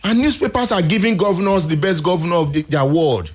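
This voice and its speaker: A Nigerian man hosting a radio show, giving emphatic, exasperated commentary in a husky voice. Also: sits high, quick pace. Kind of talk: impassioned on-air commentary. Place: radio studio.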